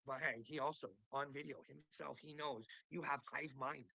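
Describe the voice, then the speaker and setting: A man with a gravelly, bright edge to his voice rants on a livestream. He is profane and mocking and laughs between lines. The sound is dry and close. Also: on the high side, fairly even intonation, moderate pace, no echo, rough recording. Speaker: live streamer. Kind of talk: rambling livestream rant.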